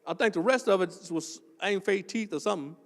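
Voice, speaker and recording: An older man, preaching a testimony sermon as associate pastor and telling a story that builds up into shouting. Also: high-pitched, brisk, long reverb tail. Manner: animated storytelling, swells into shouting.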